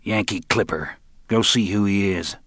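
A man's voice: on the low side, a little slow, fairly bright tone, no echo, clean studio sound. A man voicing a crude, bossy gangster in an audiobook, giving orders impatiently. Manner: commanding, impatient.

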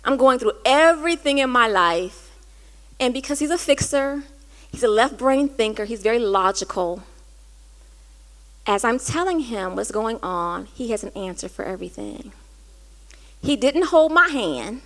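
A woman hosting, telling a personal story in an earnest, conversational way that turns animated when she quotes herself. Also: on the high side, a little slow, pauses often. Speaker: host.

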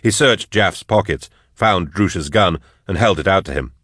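A man reading a novel aloud as narrator, in a steady, measured storytelling manner. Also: sits low, dry recording, studio quality. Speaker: audiobook narrator. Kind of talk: scripted narration.

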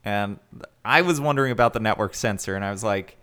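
A man's voice: lowish voice, brisk, fairly bright tone, clear, resonant tone. A man co-hosting a casual movie podcast, adding dry, mocking asides and riffing on the plot. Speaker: podcast co-host. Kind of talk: casual movie recap chat.

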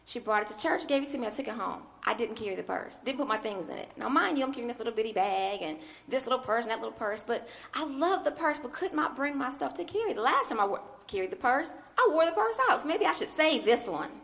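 A woman's voice: on the high side, lively intonation, fast, creaky, few pauses, fairly bright tone. A woman minister preaching a sermon as a personal story, talking animatedly and often breaking in with "I mean" asides. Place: church.

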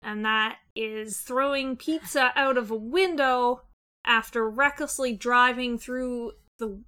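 A woman's voice: fairly high pitch, takes it slowly, pushed and bright, clean tone. A woman co-hosting a podcast, recapping a cartoon episode in a casual chat with blunt, wry jokes and some cheeky swearing. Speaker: podcast co-host.

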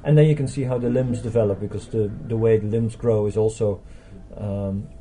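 A low-pitched man with a warm, very mellow voice talks as a scientist guest over a meal in a busy restaurant. He is hesitant, stopping often for fillers and restarts, with a faint hum of noise behind him. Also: steady tone, a little fast, rough recording. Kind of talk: casual conversation over a meal.

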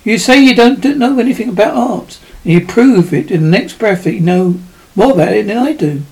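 A man with a high voice reading the lines of a teasing, flippant painter in a story. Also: normal speed, darkish tone, close to an everyday voice, low-quality recording. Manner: mocking, playful. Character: middle-aged male painter, teasing and flippant. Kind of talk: audiobook dialogue.

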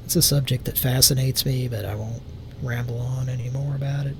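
A man's voice: fairly even intonation, fairly quick. A man with a Southern US accent hosting a live prank call show, rambling casually and swearing freely. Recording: noisy background rumble.

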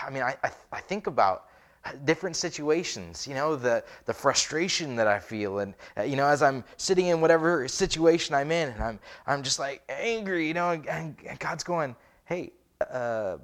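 Man, pastor, casual sermon, rhetorical questions, mid pitch. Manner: conversational, rhetorical questions, frequent restarts. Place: church.

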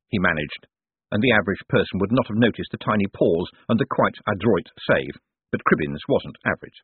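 A man narrating a novel in a measured, dry way. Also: sits low, expressive, slightly rough, no echo. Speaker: audiobook narrator. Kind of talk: scripted narration. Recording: tinny lo-fi audiobook recording.

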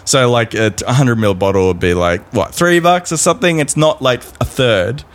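A man's voice: mid-range voice, lively intonation, moderate pace. A man co-hosting a casual podcast, teasing his friends and thinking aloud with frequent laughs. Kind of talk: casual banter among friends.

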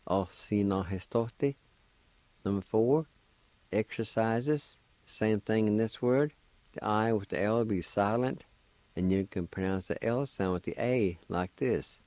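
This radio host and language teacher speaks a little slowly in a darkish, low-leaning voice, spelling out words letter by letter and patiently pronouncing each syllable. The recording is dry.

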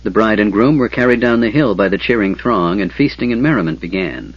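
A man reading a fantasy novel aloud in a steady, measured storytelling voice. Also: lowish voice, slightly rough, no room sound. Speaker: audiobook narrator. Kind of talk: scripted fantasy narration. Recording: dull lo-fi audiobook recording.

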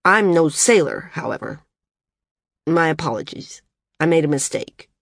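A severe, guarded young man speaks flatly with a sardonic edge, as a woman reads him. The voice sits fairly low with a husky grain. It is recorded dry and close for an audiobook. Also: a little slow, no echo, full character voice. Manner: flat, sardonic delivery.

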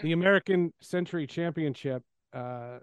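A man hosts an interview podcast, chatty and hesitant, with many fillers. His slightly high voice sounds dry and close to the mic. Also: normal speed, clean tone, dry recording. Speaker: podcast host. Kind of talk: casual interview.

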